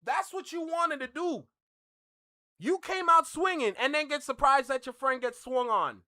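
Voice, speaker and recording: A man with a Toronto accent reacts on camera in casual commentary. He sounds heated and incredulous, and he repeats his points. His voice is bright and forceful, with a dry, close sound and no room echo. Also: very high-pitched, measured pace. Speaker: reaction video host.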